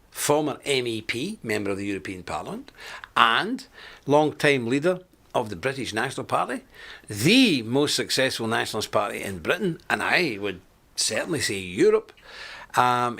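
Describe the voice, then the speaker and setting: A man's voice: medium pitch, fairly bright tone. An older Scottish man hosting a live online show, talking in a chatty, joking way and reading out viewer comments. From Scotland. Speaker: host of a live web show. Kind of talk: live-stream monologue.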